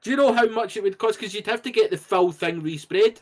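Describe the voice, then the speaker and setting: A man's voice: high voice, brisk. A man co-hosting a casual podcast, ribbing his friend with dry banter. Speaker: podcast co-host. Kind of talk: casual chat.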